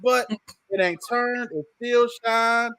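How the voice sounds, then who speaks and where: A man's voice: very high voice, slow, bright, forceful tone, clear, resonant tone, dry recording, poor audio. A man hosting a podcast, trading jokes in loose, boastful casual banter and laughing often. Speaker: podcast host.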